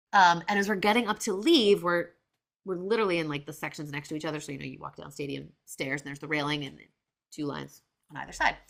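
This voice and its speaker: Gravelly low-voiced chatty woman. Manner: chatty, animated, many fillers and acted-out quotes. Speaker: podcast host. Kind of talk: casual storytelling monologue.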